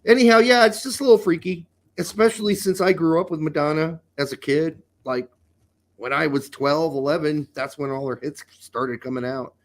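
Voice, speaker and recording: A man's voice: a little high, steady tone, normal speed. A middle-aged man co-hosting a casual podcast, riffing in joking, profane banter. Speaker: podcast co-host. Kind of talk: casual chat.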